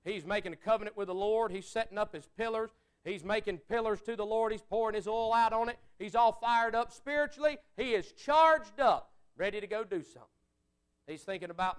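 A man preaching a sermon, folksy and conversational, swinging from fiery outbursts to quiet asides. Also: high voice, a little fast, clear, resonant tone.

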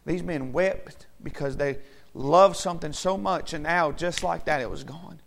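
A male pastor preaching a sermon, swinging from shouted exhortation to quiet, folksy talk. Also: on the high side, measured pace, gravelly.

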